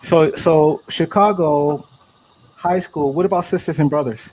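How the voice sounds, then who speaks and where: A man's voice: on the high side, unhurried, a little mellow, a little hiss or hum, poor audio. A man co-hosting a podcast who asks the guest about her background in a curious, conversational way. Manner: curious, conversational questioner with frequent restarts. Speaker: podcast co-host interviewer. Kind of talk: casual interview chat.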